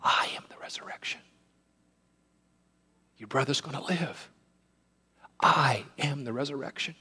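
A man preaching who voices Jesus in a soft, hushed, reassuring tone. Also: medium pitch, a little slow, husky, exaggerated voice. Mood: tender hushed. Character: gentle, tender adult male Jesus.

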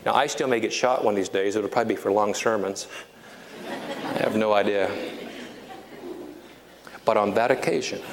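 Emphatic pastor in an echoing hall. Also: male voice, medium pitch. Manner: emphatic, repeats key phrases, slows down for stress. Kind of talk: sermon. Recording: reverberant hall with faint noise.

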